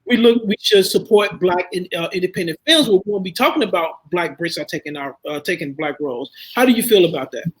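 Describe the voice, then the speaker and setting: High-voiced man interviewing. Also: animated, a little fast, few pauses, low-quality recording. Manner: searching, restarts often while framing questions. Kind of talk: casual conversational interview.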